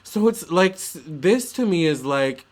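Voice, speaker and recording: A man's voice: on the high side, animated, measured pace. A young man vlogging in a chatty, gushing way, full of fillers and restarts. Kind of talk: casual storytelling vlog.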